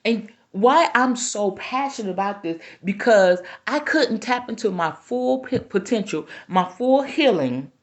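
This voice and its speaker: Her voice a little high and expressive, this spiritual teacher talks a little slowly and with few pauses during an impassioned live-stream monologue. She preaches emphatically to viewers, sometimes near tears, via phone or webcam.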